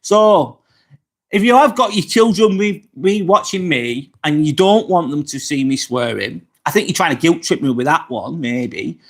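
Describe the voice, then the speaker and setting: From inside his apartment, a middle-aged man hosts a casual live vlog, reading viewer comments and speaking frankly with plenty of swearing. His voice is fairly high and expressive, and he moves at a moderate pace.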